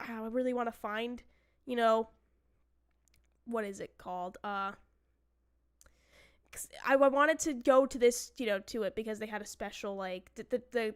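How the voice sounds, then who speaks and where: Woman streamer, casual chat, slightly high and smooth, animated storyteller who acts out quotes. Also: normal speed.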